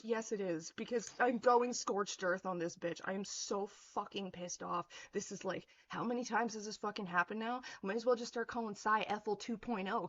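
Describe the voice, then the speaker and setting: A woman's voice: mid-range voice, a bit bright, muffled recording. Furious woman ranting with profanity. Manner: mocking quotes in a sneering voice. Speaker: vlogger. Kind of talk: angry rant to camera.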